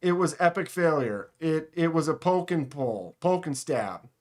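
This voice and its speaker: His voice runs on the high side with a darkish tone, animated yet measured in pace. As a livestream host, he chats casually with viewers, talking to chat in a joking, sarcastic manner.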